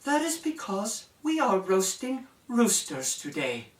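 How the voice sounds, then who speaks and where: A man's voice: high-pitched, huge pitch swings, takes it slowly, roomy sound, recorded from a distance, pitched above the performer's own voice, heavily acted. A man playing an icy, haughty princess. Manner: curt and icy. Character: cold, haughty young princess on a throne.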